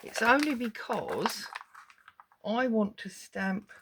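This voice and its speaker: Giddy woman, crafting host, slightly high voice, unhurried, noisy desk recording. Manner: giddy, excitable, talks to herself. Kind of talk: casual crafting vlog, unboxing.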